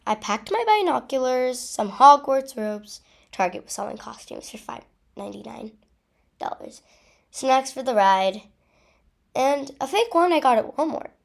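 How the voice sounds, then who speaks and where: Woman narrator, first-person storybook reading, slow, gravelly, slightly high voice. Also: sing-song.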